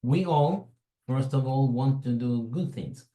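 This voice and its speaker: A man's voice: medium pitch, unhurried, warm tone, echoey room, rough recording. A man with a foreign accent presenting a tech webinar in a chatty, digressive way, with frequent asides. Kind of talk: informal tech webinar talk.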